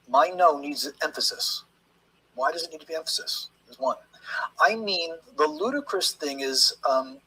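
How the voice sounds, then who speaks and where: A man working as a statement analyst, teaching in a measured, emphatic way how to read interview language. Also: fairly high pitch, bright, forceful tone, breathy edge, low-quality recording. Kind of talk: explanatory lecture on interview language.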